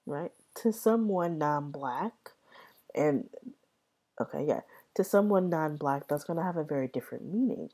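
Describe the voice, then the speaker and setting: A young adult woman explains language in a casual vlog with a deep, warm, expressive voice at a moderate pace. She rambles, repeats words, and keeps checking in with "right?"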